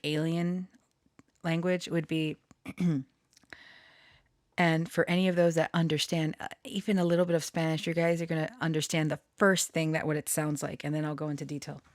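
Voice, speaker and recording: In a casual monologue, a woman who works as a channeler and storyteller drifts through a personal story, frequently giggling and starting her sentences over with lots of fillers. She comes across as embarrassed and self-conscious. Her low, gravelly voice is a little mellow, recorded in a clean studio with no room sound.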